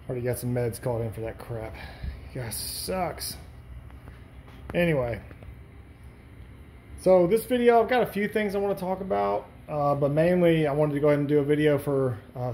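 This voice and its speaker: A man with a warm, darker tone talks through his reef tank routine in an easygoing, rambling vlog style, full of "uh" and "you know." He has the hiccups, and his voice sits at a middling pitch. A faint background hum runs under the recording. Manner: rambling, relaxed, lots of fillers. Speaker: reef aquarium vlogger. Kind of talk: casual explainer vlog.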